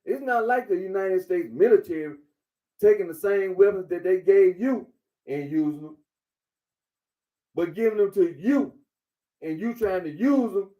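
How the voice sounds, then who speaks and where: A man's voice: high-pitched, phone-quality sound. A man giving a blunt, repetitive monologue, lecturing the listener directly. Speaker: commentator. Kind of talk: casual monologue.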